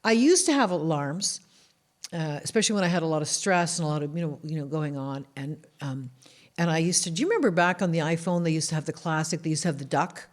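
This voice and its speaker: A woman from Canada, talking in a casual interview as an author and guest, telling animated stories and acting out the voices of the people in them. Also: low-pitched, quick pace. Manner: animated storyteller who acts out quoted voices.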